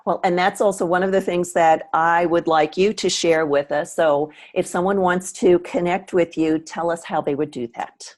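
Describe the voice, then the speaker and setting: A woman hosting an interview, talking in a reflective, measured way in casual chat. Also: on the low side, fairly even intonation. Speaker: interview host.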